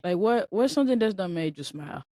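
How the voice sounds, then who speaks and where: A woman hosting a podcast in a casual, slangy monologue, talking in an animated way and laughing often. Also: medium pitch, fast talker, no room sound. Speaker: podcast host.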